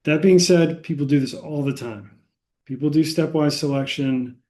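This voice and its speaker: An American man teaching a statistics lecture, explaining unhurriedly with many pauses and filler words. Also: fairly high pitch, a little mellow. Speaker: statistics instructor.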